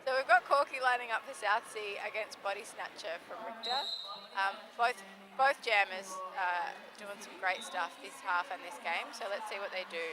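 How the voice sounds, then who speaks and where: An Australian woman calls a roller derby bout live in a relaxed, chatty way. Her voice sits at a middling pitch. Clear background noise runs under the stream. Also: moderate pace. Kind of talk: live sports commentary.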